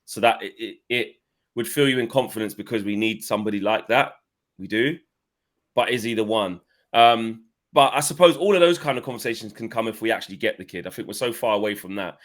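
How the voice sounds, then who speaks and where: A man co-hosting a casual chat show, talking loosely and with energy. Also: lowish voice. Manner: animated, chatty, loose phrasing. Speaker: co-host of fan channel.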